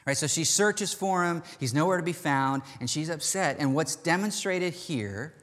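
Animated man preaching in a reverberant hall. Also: fairly high pitch, normal speed. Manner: animated, chatty, acts out quoted lines. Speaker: pastor. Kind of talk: sermon.

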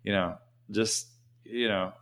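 A man's voice: lowish voice, fairly even intonation, slow, vocal fry, fairly bright tone. A man telling a casual, rambling story as an interview guest, with many "you know" fillers.

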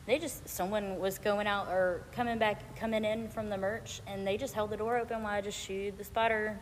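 A woman co-hosting a relaxed conversation, excitable and quick to giggle. Her voice rings with a long reverb, and steady background noise sits clearly behind her. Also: medium pitch. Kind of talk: casual chat.

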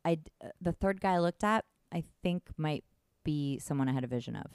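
A woman with a low-pitched voice chats in a wry, loose way, full of likes and ums. She is heard close and dry, with no room sound. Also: expressive, a little fast, darkish tone, clear, resonant tone, no echo. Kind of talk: casual chat.

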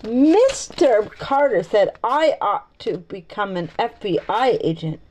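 A woman's voice: mid-range voice, big pitch swings, slow pace, a little mellow, a little hiss or hum, poor audio. A woman voicing an earnest boy in a read-aloud storybook, confiding and serious. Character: earnest boy sharing a secret.

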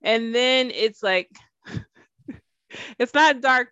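A woman's voice: a little high, drawn-out words, fairly bright tone, clean tone, dry recording. Woman podcast co-host, casual and talkative, laughs a lot; dry, slightly muffled recording. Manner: chatty, laughs often, acts out quotes. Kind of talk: casual chat.

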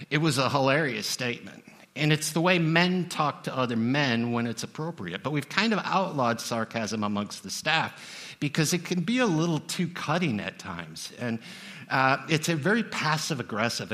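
Speaking at a medium pitch with a fairly bright tone, this middle-aged man preaches as a pastor. He keeps things conversational and jokes with his congregation along the way.

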